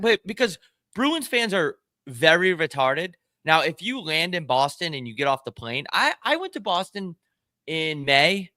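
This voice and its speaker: A man co-hosting a loose podcast chat, ranting hard and swearing freely. His voice is bright and forceful, a touch high for a man, and sits in a dry, close sound. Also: no echo. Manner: fired-up, profane ranting. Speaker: podcast co-host. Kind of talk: casual chat.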